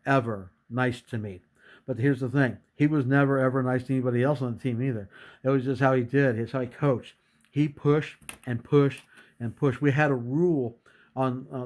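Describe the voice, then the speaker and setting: A man's voice: mid-range voice, a little mellow. Middle-aged male speaker, earnest motivational storyteller, mid-range voice. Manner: earnest storytelling, acts out past dialogue. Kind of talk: motivational talk to camera.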